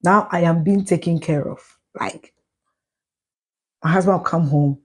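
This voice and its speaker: A woman's voice: fairly low pitch, measured pace, a little mellow, breathy edge. A middle-aged woman with a Ghanaian accent, ranting bluntly and profanely on a live stream, switching between Twi and English. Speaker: social media commentator.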